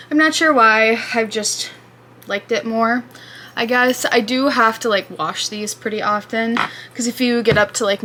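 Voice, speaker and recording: A woman's voice: medium pitch, a bit bright, slight background noise. A woman in her twenties chatting casually as she does her makeup at home, rambling and restarting her sentences. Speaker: beauty vlogger. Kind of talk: casual get-ready-with-me chat. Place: apartment room, indoors.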